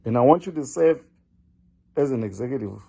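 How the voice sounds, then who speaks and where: Gravelly older man. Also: medium pitch, lively intonation, a little fast, mellow. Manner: scolding, lecturing, repeats a name for emphasis. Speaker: political commentator. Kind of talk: impassioned direct-address monologue.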